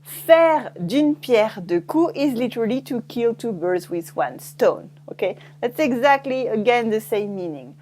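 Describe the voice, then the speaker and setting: Slow French-accented woman teaching. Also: on the high side, sing-song, a little mellow, slight background noise. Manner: slow, careful pronunciation drills, repeating each word. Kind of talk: scripted language lesson.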